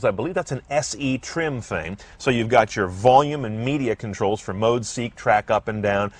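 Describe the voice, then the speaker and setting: A man presenting a product review in a brisk, wry and opinionated way, with faint music behind him. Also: medium pitch, dry recording. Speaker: car reviewer. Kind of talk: scripted product review narration.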